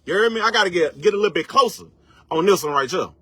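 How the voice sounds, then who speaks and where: A man with a high, pushed, bright voice, a breathy edge, and lively intonation rants as an online commentator. His casual, profane motivational talk is preachy, laced with slang and rhetorical questions, and he stretches words for emphasis.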